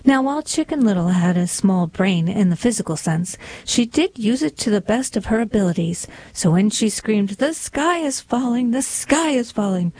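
A woman reads poetry and a humorous storybook aloud, slowly and deliberately. Her voice sits in a middle range for a woman. The recording is close and dry. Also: mid-range voice, mellow, no echo, poor audio. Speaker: reader.

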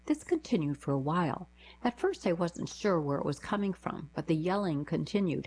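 A woman narrating short reader-submitted diary stories in a calm, even scripted read. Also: deep voice, moderate pace, husky, low-quality recording. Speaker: narrator reading diary letters.

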